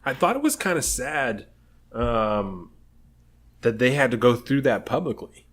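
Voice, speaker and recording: A man's voice: mid-range voice, animated, unhurried. A man co-hosting a casual political chat podcast, emphatic and heavy on "you know". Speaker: podcast co-host.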